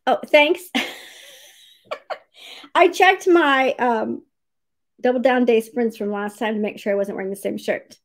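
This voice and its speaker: A woman's voice: on the high side, measured pace, long pauses. A woman hosting a casual livestream writing sprint, cheerfully greeting viewers by name, reading their comments aloud and laughing often.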